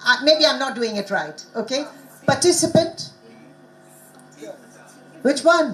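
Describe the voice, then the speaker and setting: A woman giving an interactive pronunciation lesson at a conference, coaxing the audience with quick prompts. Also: sits high, animated, a bit bright, soft background music, poor audio. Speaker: conference speaker teaching pronunciation. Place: conference hall.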